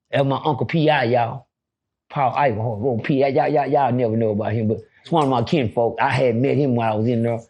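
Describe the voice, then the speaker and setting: A man telling a story on a podcast in a casual, animated way, acting out voices and throwing in profane asides. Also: medium pitch, fast, vocal fry.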